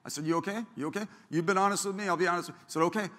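A male pastor preaches a sermon in a church sanctuary, speaking very fast in a high-sitting voice. He tells stories, acts out the people he quotes, and grows louder and more fervent, with long hall reverb on the recording.

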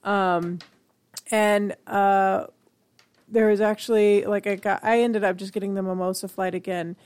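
A woman's voice: mid-range voice, level tone, a little slow, darkish tone, clean tone, dry recording. A young woman co-hosting a podcast, rambling and chatty in casual conversation. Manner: rambling, chatty, laughs easily. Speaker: podcast co-host. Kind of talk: casual chat.

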